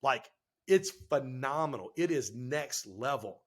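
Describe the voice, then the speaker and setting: A man telling stories on a podcast as the guest, animated and emphatic, with casual slang. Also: medium pitch, unhurried. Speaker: guest entrepreneur and speaker. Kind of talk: energetic podcast storytelling.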